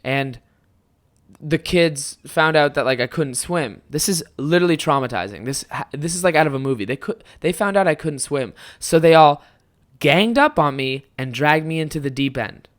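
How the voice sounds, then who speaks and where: A young man hosts a casual solo podcast, telling stories in a loose, rambling way. His voice sits a little high, and he swears freely. Now and then he breaks into loud, animated outbursts. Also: normal speed. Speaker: podcast host.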